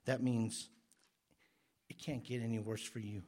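A man's voice: fairly low pitch, flat delivery, moderate pace. Earnest male pastor preaching. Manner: earnest, emphatic preaching that swells louder on key words. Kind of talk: sermon.

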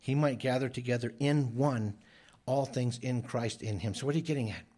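Guy preaching a sermon, earnest and emphatic, keeps repeating stuff for stress, normal middle pitch. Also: brisk, mellow. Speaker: pastor.

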